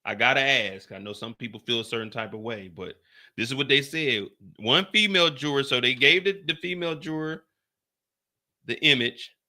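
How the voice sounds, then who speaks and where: A man hosting a live stream who reads out court updates in casual, animated commentary, with swearing and sudden whispers. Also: medium pitch, moderate pace.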